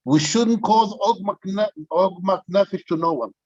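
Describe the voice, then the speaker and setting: Older man, rabbi, storytelling talk, anecdotal, fairly high pitch, dull recording. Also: moderate pace, darkish tone, slightly rough. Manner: anecdotal, with frequent restarts. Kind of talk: storytelling talk to a community gathering.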